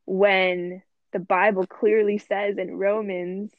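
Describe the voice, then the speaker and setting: A woman's voice: mid-range voice, flat delivery, slow, dry recording. Earnest woman on a tinny line. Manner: earnest, reflective, quotes scripture. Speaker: podcast co-host. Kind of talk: casual faith discussion. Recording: dry, tinny phone-like line.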